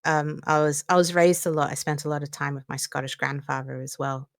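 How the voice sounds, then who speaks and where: A woman's voice: deep voice, fairly quick, gravelly, dry recording, clean studio sound. A woman from New Zealand with a mixed New Zealand and Australian accent, chatting as a guest and swearing freely. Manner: animated, swears freely, laughs often. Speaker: guest streamer. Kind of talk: casual interview chat.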